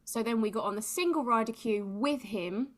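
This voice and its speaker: An English woman co-hosting a podcast, telling a story in casual chat with animated delivery and frequent laughter. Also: a little high, normal speed. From England. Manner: animated, laughs often, acts out quotes. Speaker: podcast co-host.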